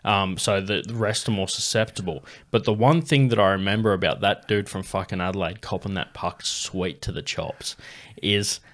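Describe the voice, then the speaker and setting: A man's voice: sits low, moderate pace. A young man hosting a podcast, telling rambling, swear-filled stories in casual chat. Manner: swears a lot, rambling and animated storytelling. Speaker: podcast host.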